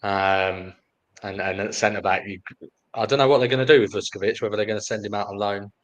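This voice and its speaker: A man with a very low voice, a guest on a casual football panel who lays out his points in a measured, analytical way. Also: poor audio.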